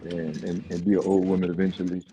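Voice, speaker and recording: A man hosting a casual livestream chat. He is animated, repeats himself and dodges questions. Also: low-pitched, quick pace, highs cut off, very noisy. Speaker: livestream host.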